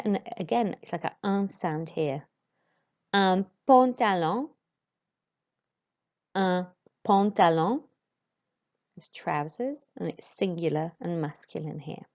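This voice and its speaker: A woman, teaching French to pupils and modelling each word slowly and clearly. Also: deep voice, a little mellow. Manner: slow, careful modelling of pronunciation for pupils. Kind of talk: recorded classroom lesson. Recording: dull lo-fi recording.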